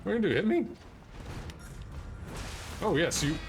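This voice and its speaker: A young man giving excitable, swearing commentary while playing a game live, with sudden yelps at close calls. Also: sits high, moderate pace, soft background music.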